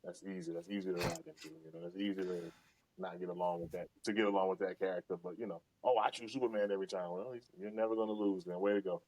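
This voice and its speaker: Guy with a really deep voice, swearing casually while he thinks things through on a podcast. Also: fairly even intonation, fast talker, darkish tone, rough recording. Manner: thoughtful, profane, talks things through. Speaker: podcast co-host. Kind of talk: casual chat.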